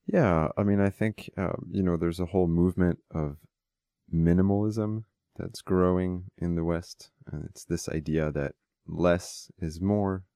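A man speaking as a guest in a casual conversation, thoughtful and measured as he explains ideas. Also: low voice, fairly even intonation, mellow, no room sound, clean studio sound. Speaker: podcast guest.

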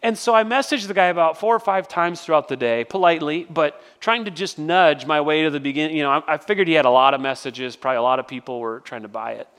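High-voiced man preaching in a hall. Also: quick pace, hardly any pauses, a bit bright, clean tone. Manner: conversational storytelling with frequent restarts. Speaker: pastor. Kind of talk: sermon. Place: church sanctuary. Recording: long reverb of a large hall.

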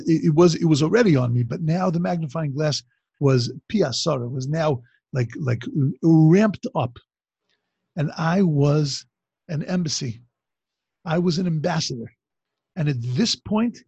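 Very husky, gravelly man teaching. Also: fairly high pitch, a little mellow, dry recording. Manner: conversational storytelling with many restarts. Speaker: religious teacher. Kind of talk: Torah class talk. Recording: dull lo-fi recording.

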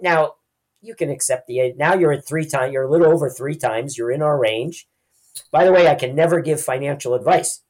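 A man in his sixties, a land banking consultant, explaining in a lively conversational way and acting out quotes. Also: a little high, brisk. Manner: lively storyteller who acts out quoted voices.

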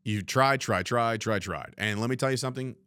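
A man's voice: medium pitch, brisk, a bit bright, no room sound. A man hosting a solo podcast from a studio, talking candidly and rambling with swearing and lots of "you know what I mean.". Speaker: podcast host. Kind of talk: reflective solo podcast monologue. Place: studio room, alone.

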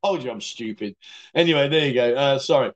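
A man's voice: mid-range voice, a little fast, highs cut off. A middle-aged man hosting a casual livestream, reading out viewer comments with cheeky, self-mocking humour and frequent laughs. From United Kingdom. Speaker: livestream host.

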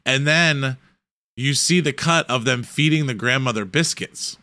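A man's voice: mid-range voice, unhurried, pushed and bright, no echo. A man co-hosting a casual podcast, laying out a fan theory in a rambling way. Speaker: podcast co-host. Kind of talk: casual recap chat.

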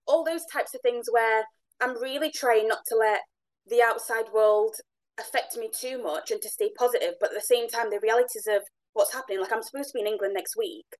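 A woman's voice: on the high side, fairly quick, low-quality recording. A woman hosting a podcast, chatting casually and agreeing often as she draws out her guest. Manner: warm interviewer, frequent brief agreement. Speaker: podcast host. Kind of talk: casual chat.

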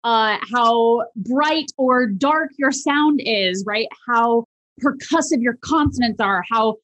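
A woman guest on a podcast, talking casually and animatedly about voice and charisma, swooping high at times to demonstrate. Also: takes it slowly, fairly bright tone. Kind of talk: casual interview chat.

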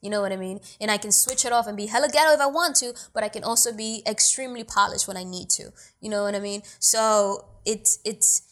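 Speaking fairly quickly with few pauses, a young woman from New York City gives a casual interview as a guest; she's an actor and producer. Her medium-pitched voice has a fairly bright tone, and she comes across blunt, emphatic, and streetwise, often saying "you feel me."

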